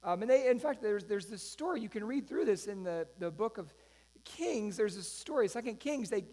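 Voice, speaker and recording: A man's voice: high voice, lively intonation, normal speed, warm tone. A man preaching a sermon, retelling a scripture story in a loose, conversational way with frequent asides. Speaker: pastor. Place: church sanctuary. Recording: long reverb of a church hall.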